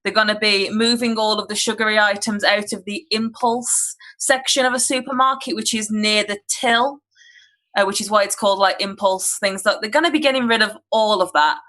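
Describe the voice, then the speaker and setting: A woman's voice: medium pitch, steady tone, moderate pace, sharp tone, poor audio. A woman comedian giving an earnest, angry topical rant in long run-on sentences over a video call. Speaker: comedian on a panel.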